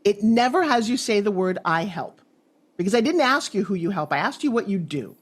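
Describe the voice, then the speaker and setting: A woman guesting on a podcast as a pitch coach, giving advice in an emphatic, salesy way with punchy phrasing. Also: lively intonation, a little fast, husky. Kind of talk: energetic podcast interview advice.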